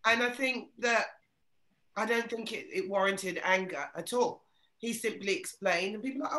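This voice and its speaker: A woman hosting a casual podcast panel chat, animated and acting out reactions as she talks. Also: mid-range voice, moderate pace, echoey room. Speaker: podcast host.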